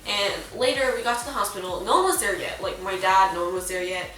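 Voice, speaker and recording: A woman's voice: mid-range voice, steady tone, quick pace, a bit bright. A young woman in her late teens telling a story in a casual vlog, chatty and full of "like", acting out what people said. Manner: chatty, heavy use of "like", acts out quoted lines. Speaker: vlogger. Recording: very echoey room, distant mic, faint music.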